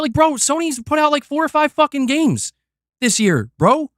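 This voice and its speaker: Male gaming ranter, high lively voice, heated and profane. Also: no echo, clean studio sound. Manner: fiery, exasperated, profane, talks fast in bursts. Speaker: gaming commentator reacting to a video. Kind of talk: heated reaction rant.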